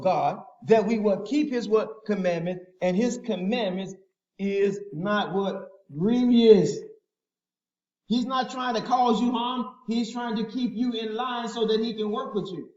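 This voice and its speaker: A man's voice: sits high, darkish tone. A man preaching a sermon in a call-and-response style, informal and emphatic, often asking the listeners to finish his sentences. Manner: asks the congregation to fill in words. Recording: echoey, dull lo-fi room sound.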